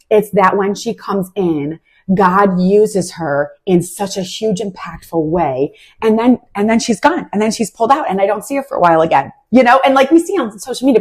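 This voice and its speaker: Husky-voiced woman sharing a faith testimony. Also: medium pitch. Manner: casual and heartfelt, many "like" fillers. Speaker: Christian podcast host.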